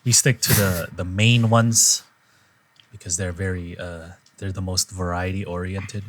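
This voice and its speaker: A man's voice: deep voice, fairly even intonation, unhurried, fairly bright tone. A young man hosting a podcast in casual chat, laid-back and rambling with fillers. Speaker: podcast host.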